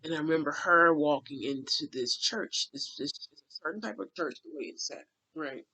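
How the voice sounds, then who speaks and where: A man recounting a vivid dream in casual, rambling speech, emotional and full of fillers, sometimes dropping to a hushed aside. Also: a little high, animated, normal speed, vocal fry, breathy edge. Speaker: dream channeler.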